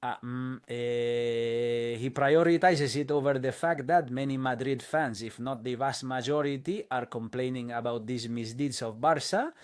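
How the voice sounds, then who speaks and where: A man delivers a dubbed football opinion monologue at a middle pitch, rambling through fillers and restarts. He keeps breaking into indignant bursts. The recording is dry and close, with no room sound. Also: dry recording. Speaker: football commentator.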